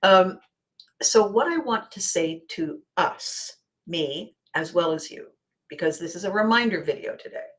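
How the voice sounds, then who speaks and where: A woman hosting a show, talking casually in an expressive, emphatic way with wide swings in loudness. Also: lowish voice, measured pace. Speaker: host. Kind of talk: casual monologue.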